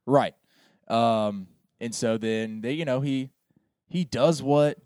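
A man's voice: mid-range voice, a little mellow, clear, resonant tone, dry recording. A man co-hosting a movie review podcast, retelling scenes in casual chat and acting out the quoted lines. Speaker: podcast co-host.

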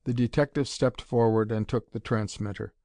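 Male audiobook narrator; steady, even reading, dry sound. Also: mid-range voice, moderate pace, no room sound. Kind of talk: scripted narration.

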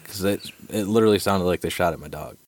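A man's voice: low voice, fast, dry recording. A man casually telling a long hunting story on a podcast, swearing freely and peppering it with "dude" and "right?". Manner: profane, animated storyteller, fillers like dude and right. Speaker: podcast co-host.

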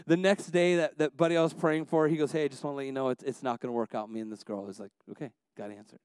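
A man's voice: medium pitch, fairly even intonation, fast talker, clean tone, dry recording. A man preaching a sermon as a pastor, telling family stories with many restarts and building to passionate exhortations. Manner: storytelling, many restarts, swings between soft asides and rising exhortation.

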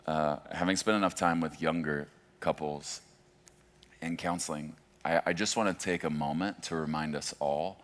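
Pastor guy in his 40s giving a sermon, really low voice, chatty then gets loud. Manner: conversational preaching, swings from hushed to loud.

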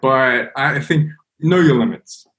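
A man's voice: medium pitch, measured pace. Man telling a rambling adventure story. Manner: animated, rambling, heavy on fillers. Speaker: podcast guest. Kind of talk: casual storytelling.

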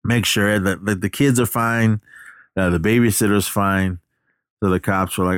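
Deep-voiced man rambling through a plot. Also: fairly even intonation, normal speed, no room sound, studio quality. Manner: rambling, loose, swears, lots of fillers. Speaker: movie recapper. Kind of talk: casual plot retelling.

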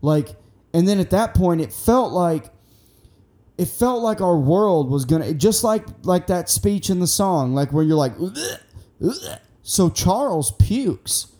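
Young man, casual storyteller, profane and rambling, mellow tone. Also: high-pitched, unhurried. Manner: rambling, profane, excitable, acts out quotes.

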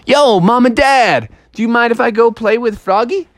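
A woman's voice: a little high, moderate pace, no echo, studio quality, voice pushed up, close to an everyday voice. A woman voicing a friendly young toad boy who talks in casual skater slang.

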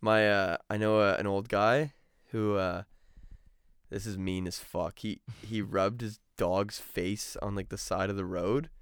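A man's voice: fairly low pitch, steady tone, unhurried, clean tone, no echo, clean studio sound. Profane laid-back young man. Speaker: podcast co-host. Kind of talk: casual chat.

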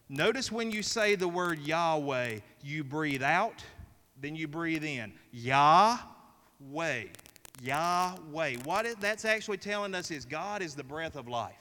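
A middle-aged male pastor preaches emphatically, repeating phrases as he leads his congregation. His voice is on the high side, bright and forceful. The hall is reverberant, with faint noise.

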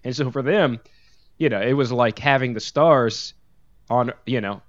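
A man's voice: mid-range voice, unhurried, no room sound, muffled recording. A man co-hosting a podcast in casual chat, joking and sarcastic, with lots of fillers and restarts. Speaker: podcast co-host.

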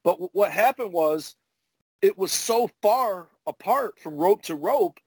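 A man, a former wrestler, telling profane, animated stories in casual podcast chat. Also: sits high, a little slow, breathy edge, no room sound. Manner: profane, animated storyteller acting out moves. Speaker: retired pro wrestler, podcast host.

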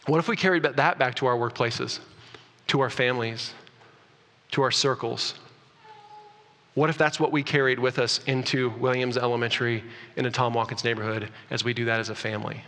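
A man preaching a sermon as pastor, animated, rising loud for emphasis and restarting his words. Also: mid-range voice, a little fast. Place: church sanctuary. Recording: long reverb of a church hall.

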